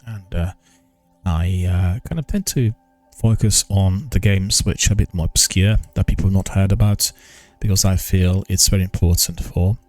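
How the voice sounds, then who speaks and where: Older male streamer, deep voice, halting formal delivery, dry close sound. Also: darkish tone, no echo, faint music behind. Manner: slow, halting, many ums and restarts; careful, formal enunciation. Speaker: gaming news streamer. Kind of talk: casual live-stream chat.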